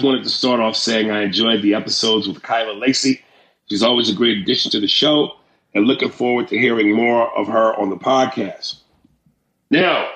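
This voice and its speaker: A man hosting a podcast in loose, crude banter, swearing freely as he reads listener messages. His voice sits at an ordinary pitch for a man. The room around him rings with echo. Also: a bit bright. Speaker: podcast host. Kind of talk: casual podcast chat, reading listener messages. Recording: roomy echo.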